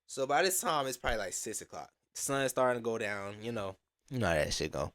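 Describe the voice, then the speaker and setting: Animated young man telling a storytime. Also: medium pitch, a little fast, dry recording. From Atlanta. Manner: animated slangy storytelling with lots of acted-out quotes. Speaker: storyteller vlogger. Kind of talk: casual storytime.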